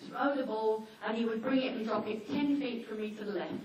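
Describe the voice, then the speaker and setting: A woman talking informally to a seminar audience about dogs, chatty and anecdotal, slipping into quick acted-out asides. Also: on the high side, steady tone, crowd noise. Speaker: dog behaviour trainer giving a seminar. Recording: echoey hall, mic far off, faint noise.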